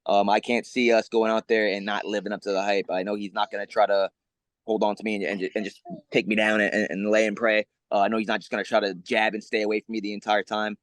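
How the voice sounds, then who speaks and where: A man in his thirties, a fighter on a media call, talks quickly in a low voice. He repeats words as he gets fired up and swears often. The sound is dry and close. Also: no room sound. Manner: excited, profane, repeats words. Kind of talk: casual press call talk.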